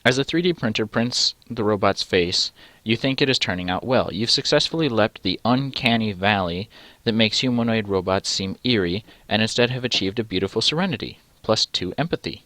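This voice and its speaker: A man's voice: on the low side, brisk, fairly bright tone, no room sound. A man reading a text adventure game aloud and adding dry, sarcastic asides. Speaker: let's play gamer.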